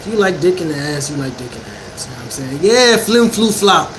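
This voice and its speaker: A man telling a story to a livestream chat in casual, profane slang, animated and often laughing. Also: mid-range voice, racing, background noise.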